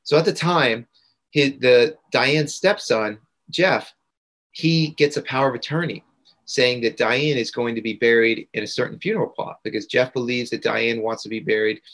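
Man, podcast guest, earnest storytelling, emphatic repetition, mid-pitched voice. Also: a bit bright. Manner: earnest, emphatic, repeats key words for emphasis. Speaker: podcast guest, integration coach. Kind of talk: personal storytelling in conversation.

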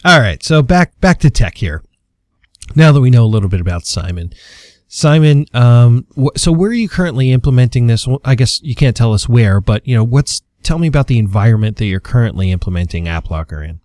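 A man's voice: medium pitch, animated, a little fast, a little mellow, no room sound, studio quality. A man co-hosting a podcast in a jokey, upbeat, chatty way. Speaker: podcast co-host. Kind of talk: casual podcast chat.

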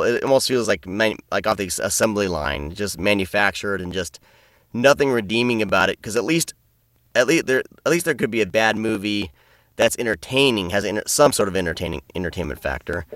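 A man's voice: fairly low pitch, fairly bright tone, no room sound, studio quality. A man co-hosting a podcast in casual chat, rambling and often repeating his words. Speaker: podcast co-host.

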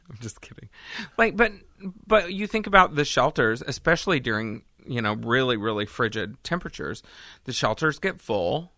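Bright, rambling comedian host. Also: medium pitch, normal speed, no room sound, clean studio sound. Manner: rambling, joking, excitable. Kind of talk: casual chat.

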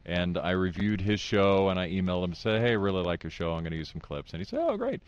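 A man's voice: sits low, quick pace, clean tone, no room sound, muffled recording. A man, a podcaster and voice performer, chatting as an interview guest and slipping into funny voices. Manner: animated, slips into funny voices. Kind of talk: casual interview chat.

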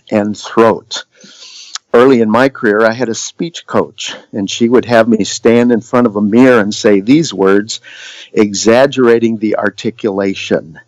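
A man giving a scripted lesson on voice and communication skills, speaking in a measured, demonstrative way with deliberate pauses. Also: fairly low pitch, darkish tone, no room sound, rough recording. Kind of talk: scripted instructional narration.

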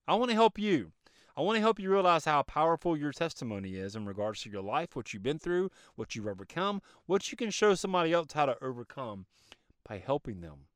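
A man delivers an emphatic, preachy motivational monologue as a podcast host, often asking himself rhetorical questions. His voice sits a little high and his throat sounds a bit choked up. The recording is dry and close, made on a phone in his car. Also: a bit bright, no room sound.

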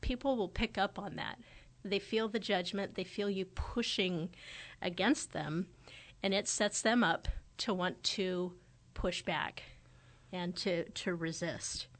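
A woman's voice: mid-range voice, takes it slowly. A woman in her forties hosting a podcast, talking in a casual, thoughtful way. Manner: conversational and thoughtful, often acting out quoted remarks. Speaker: podcast host. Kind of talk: casual reflective podcast talk.

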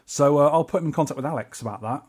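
A man with a London accent, co-hosting a podcast and telling a trip story in casual chat, animated and acting out the people he met. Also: on the high side, racing, breathy edge. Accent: English, London. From England. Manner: animated, acts out quoted voices. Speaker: podcast co-host.

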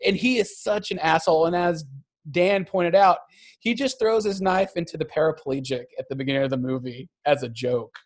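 A man chatting casually about a film as a podcast co-host. His voice sits a little high, and he talks with an animated, profane energy, laughing often. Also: moderate pace. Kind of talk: casual movie review chat.

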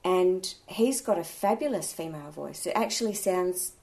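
A woman's voice: lowish voice, normal speed, gravelly. Chatty woman reviewer. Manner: chatty, opinionated, animated. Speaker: audiobook reviewer and blogger. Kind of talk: casual interview chat.

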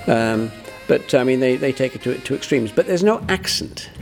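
A man, a performer, talking in a halting interview manner full of restarts. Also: medium pitch, animated, soft background music. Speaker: guest, impressionist performer. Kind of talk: conversational interview.

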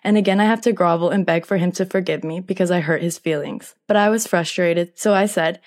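A young woman reading a post aloud as a co-host, in a steady, even manner. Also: fairly low pitch, brisk, few pauses.

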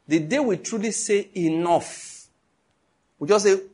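Husky Nigerian preacher, emphatic delivery. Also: male voice, high voice, measured pace. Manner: emphatic, animated storytelling with rhetorical questions. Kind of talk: sermon.

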